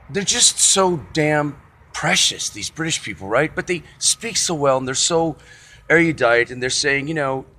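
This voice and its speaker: A man's voice: mid-range voice, a little hiss or hum. Rambling, profane comic storyteller man. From Encino, California. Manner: animated, profane, digressive. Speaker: vlogger. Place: outdoors on a city street.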